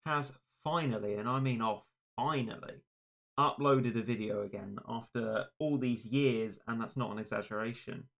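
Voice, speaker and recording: A man's voice: medium pitch, normal speed, creaky, a bit bright. A man, chatting casually on a live stream with dry, self-deprecating humor.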